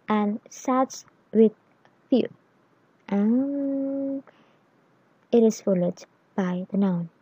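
A woman explaining English grammar in a lesson, reading example words and phrases deliberately. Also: a little high, a little mellow, no room sound, low-quality recording.

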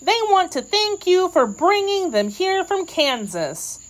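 A cheerful young girl princess from a storybook reading, her voice sitting high and bright, as a woman reader puts her on. She talks eagerly and reassuringly, bouncing with lively ups and downs. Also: takes it slowly, heavily acted, low-quality recording.

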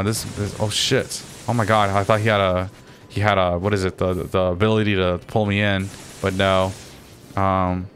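A young man giving casual gameplay commentary, swearing and ranting at opponents, his voice climbing when he gets agitated. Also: a bit bright. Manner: restarts and fillers, rises in pitch when agitated. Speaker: gaming commentator.

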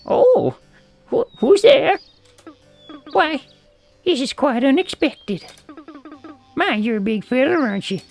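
A streamer voicing a genteel old woman who keeps the woods in a video game, in a high, fluttery old-lady voice. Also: sing-song, slow, gravelly, long pauses, darkish tone, faint music behind, exaggerated voice. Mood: startled. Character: chirpy old woman forest keeper. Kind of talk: reading game dialogue aloud.

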